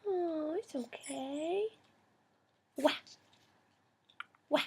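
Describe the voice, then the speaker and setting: A woman at home talking baby talk to her pet parrot, with high coos and squeals. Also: very animated, a little slow, long pauses. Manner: high sing-song coos and squeals at the bird. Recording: noisy home video.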